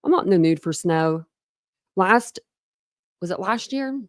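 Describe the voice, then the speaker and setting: A woman's voice: lowish voice, animated, a little slow, no room sound. Chatty woman rambling on a dry livestream. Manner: rambling, chatty, laughs often. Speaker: true crime livestream host. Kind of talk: casual livestream chat greeting viewers.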